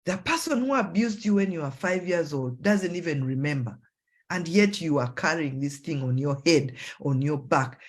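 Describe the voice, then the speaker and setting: A woman psychologist with a Ugandan English accent giving a motivational talk, acting out self-talk in a raised voice. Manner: animated, acts out self-talk in a high voice.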